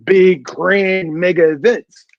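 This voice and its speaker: A man's voice: high voice, steady tone, slow pace, gravelly, no echo. Insistent man with a dull, dry mic. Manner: insistent, keeps cutting in to make his point. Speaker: podcast host. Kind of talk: casual debate chat.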